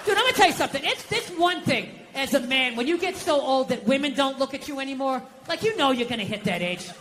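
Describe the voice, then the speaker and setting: Talking fast and expressively, an American man performs stand-up, ranting loudly with plenty of profanity and veering from shouts to low mutters. Slight background noise can be heard.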